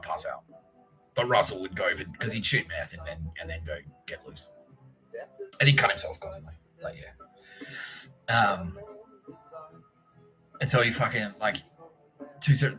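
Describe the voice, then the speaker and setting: A middle-aged Australian man hosting a podcast, telling stories in a casual way, swearing, laughing and acting out voices. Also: fairly low pitch. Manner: animated, swearing, laughing often, acts out voices in his stories. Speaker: podcast host. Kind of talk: casual storytelling.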